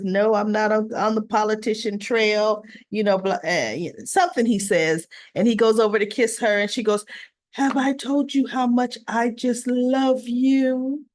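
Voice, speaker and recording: A woman's voice: medium pitch, dry recording. A woman hosting a casual recap, retelling scenes with acted-out quotes and chatty asides. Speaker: soap opera recap host.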